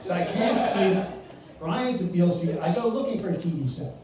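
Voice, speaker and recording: A man's voice: sits high, expressive, normal speed, over a noisy crowd. An older man telling a self-deprecating comic story on a live stage, chatty and full of asides. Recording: echoey room, mic far off.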